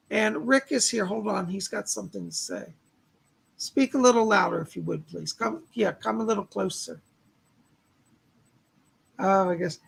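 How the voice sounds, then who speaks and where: A male psychic medium on a live stream, hoarse from losing his voice, relaying spirit messages and thanking donors by name. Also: sits high, fairly bright tone. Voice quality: gravelly, husky voice. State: losing his voice, clearing his throat.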